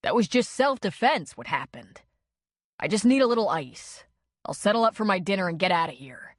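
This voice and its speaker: A woman narrator voicing an angry young male cowboy with a split lip, shouting and defensive. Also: medium pitch, very animated, normal speed, no echo, studio quality.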